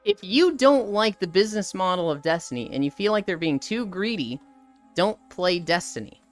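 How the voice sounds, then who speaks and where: A woman's voice: fairly low pitch, animated, moderate pace, soft background music. A woman streamer chatting casually and emphatically while she walks, piling up points in long lists. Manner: opinionated, emphatic, builds up lists. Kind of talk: casual live-stream chat.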